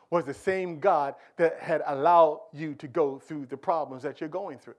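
High-voiced preacher swinging hush to shout. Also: male voice, moderate pace, hardly any pauses. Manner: rhetorical questions, repetitions. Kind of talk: sermon.

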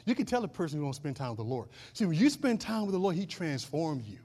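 A male pastor preaching a sermon, swinging from loud declarations to hushed asides and asking the congregation questions. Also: on the high side, very animated, fast talker. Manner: asks the congregation call-and-response questions.

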